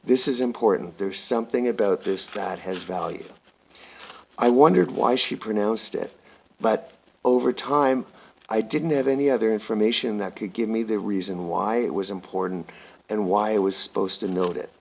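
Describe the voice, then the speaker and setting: Gravelly-voiced man reading a formal statement. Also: lowish voice, darkish tone, poor audio. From Canada. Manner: slow, formal and earnest, addressing the listener as sir. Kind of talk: reading a prepared statement aloud.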